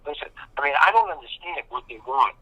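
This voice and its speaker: A man talks casually as an interview guest. His voice is bright and forceful, and the sound is dry and close. He rambles and repeats himself for emphasis. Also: medium pitch, lively intonation, fast, no echo, dull audio. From Boston. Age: 50s. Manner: rambling, emphatic storytelling with repetition.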